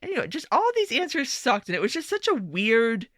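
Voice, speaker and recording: A woman's voice: fairly high pitch, big pitch swings, brisk, fairly bright tone, no echo, studio quality. A young woman giving a casual, sarcastic political commentary monologue, full of swearing and exasperated asides.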